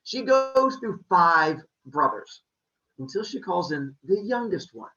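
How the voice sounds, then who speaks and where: A man, a teacher, telling a myth to his class in a joking, lively way. His voice is bright and animated. The sound is roomy and distant, a bit dull. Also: sits high, takes it slowly. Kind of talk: casual storytelling to a class.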